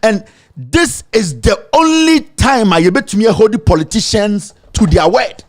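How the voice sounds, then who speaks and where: A Ghanaian man delivers opinionated political commentary as a show host. His voice sits high and moves animatedly up and down. He speaks emphatically and stretches out his exclamations. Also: big pitch swings, a little slow, no room sound, clean studio sound.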